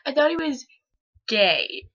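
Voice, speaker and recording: A woman's voice: high-pitched, sing-song, takes it slowly. A teenage girl in her bedroom retelling a story to her camera in a rambling, casual way, full of fillers and quoted back-and-forth. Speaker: vlogger. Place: own bedroom, indoors. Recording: dull lo-fi home recording.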